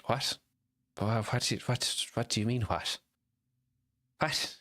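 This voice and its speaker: An excitable man chatting casually and swearing while live-streaming a game, reacting loudly and answering chat. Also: medium pitch, slow pace. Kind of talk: casual live gameplay commentary.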